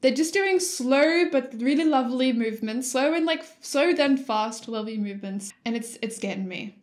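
A young woman hosting a casual reaction video, excitable and giggly and swearing often. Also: high voice, normal speed. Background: music playing.

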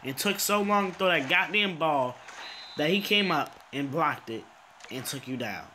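Animated young man ranting over gameplay. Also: on the high side, moderate pace, a little hiss or hum. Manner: swings between muttering and exasperated outbursts, swears a lot. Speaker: gaming commentator. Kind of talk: frustrated gameplay commentary.

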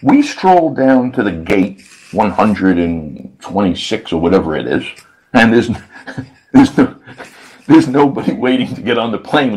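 A man's voice: on the low side, a little mellow, poor audio. A male radio host telling a rambling story in a casual, self-amused way, chuckling often.

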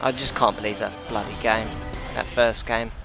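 A man giving live commentary over his own football video game match, frustrated, swearing often and yelling at his players. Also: lowish voice, steady tone, moderate pace, creaky, music in the background. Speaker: gaming commentator.

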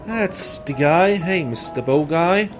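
A man's voice: on the high side, lively intonation, takes it slowly, music in the background. A man hosting a gameplay video, commenting sarcastically with jokey exclamations and laughs. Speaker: let's play host.

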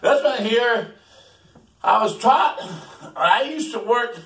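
A man rambles through a long joke in a relaxed, casual way, stumbling over repeated words and often breaking into chuckles. His voice runs fairly high. The sound is echoey and distant, with the mic some way off. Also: takes it slowly. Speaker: joke teller.

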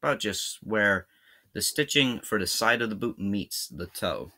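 Hosting a how-to video, a Scottish man walks through a hands-on tutorial in a low yet bright voice with a forward, forceful edge. He's chatty and informal, thinking aloud as he goes. His intonation is lively and his pace unhurried.

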